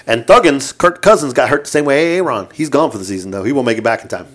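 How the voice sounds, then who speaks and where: Profane, excitable man talking football. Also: medium pitch, quick pace. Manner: profane, excitable, laughs often. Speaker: podcast co-host. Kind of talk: casual sports chat.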